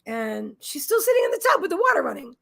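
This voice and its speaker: Her voice sits high, gravelly and a bit bright, with big pitch swings, and she talks fast. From her desk at home, she hosts a psychic live stream, rambling casually and frequently addressing her pets.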